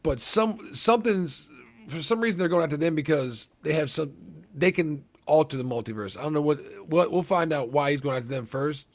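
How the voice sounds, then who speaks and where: A man hosting a casual trailer reaction, talking in a rambling, profane, excitable way with lots of restarts. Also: a little high, a little fast. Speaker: movie reaction host.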